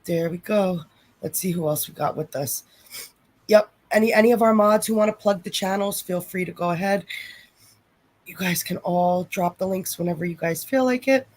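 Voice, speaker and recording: A woman co-hosting a casual livestream, playful and quick to chime in. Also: lowish voice, a little mellow. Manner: playful, quick to agree and joke. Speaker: livestream co-host.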